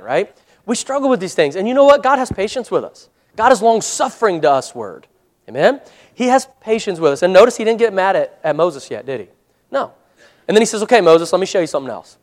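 A man preaching a sermon in a conversational way, often asking the congregation for an amen and reading scripture slowly. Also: high-pitched. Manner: reads scripture slowly and deliberately. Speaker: pastor.

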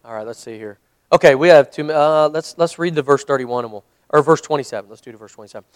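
A man's voice: on the high side, fast talker, dry recording. A man, a pastor, leading a Bible study, reading scripture aloud and explaining it in a conversational way.

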